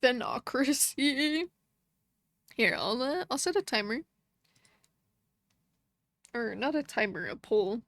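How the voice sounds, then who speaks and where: A woman's voice: fairly high pitch, sing-song, slow pace, pauses often, a bit bright, dry recording. A woman live streamer chatting casually with her viewers, reading their comments and laughing often.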